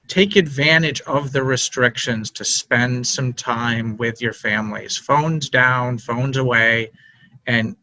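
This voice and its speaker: A man's voice: mid-range voice, pushed and bright, dry recording, poor audio. Man, webinar moderator, conversational, encouraging, dry sound. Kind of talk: casual chat.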